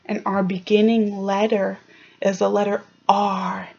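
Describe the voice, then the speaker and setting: A woman teacher giving a clear early-grade phonics lesson, sounding out letters and asking the children encouraging questions. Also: medium pitch, fairly even intonation, slow, highs cut off. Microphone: home recording for online class.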